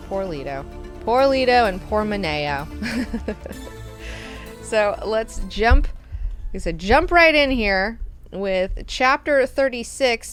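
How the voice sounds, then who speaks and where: A woman hosting a book club, casually recapping chapters in an animated, profane, chatty way. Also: on the low side.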